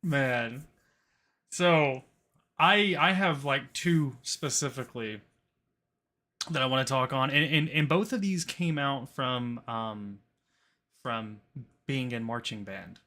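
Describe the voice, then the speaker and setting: A young man with a bright voice co-hosts a livestreamed podcast. He talks in a laid-back way, full of fillers, and swears freely. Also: mid-range voice, slow, pauses often. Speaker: podcast co-host. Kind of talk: casual chat, livestream.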